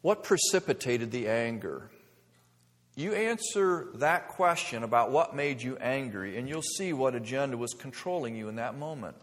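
A man's voice: medium pitch, lively intonation, normal speed, in a large hall. A male pastor preaching a sermon, full of rhetorical questions and building to emphatic points.

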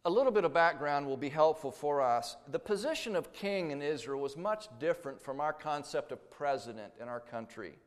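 A man's voice: fairly high pitch, animated, a little fast, hardly any pauses. Emphatic preacher man in a reverberant hall. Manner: emphatic, swings between loud and hushed. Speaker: pastor. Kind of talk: sermon.

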